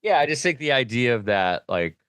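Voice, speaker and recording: A man's voice: mid-range voice, big pitch swings, fairly quick, fairly bright tone, smooth, no room sound, studio quality. A man co-hosting a comedy podcast, chatting loosely about writing jokes, laughing often and acting out bits.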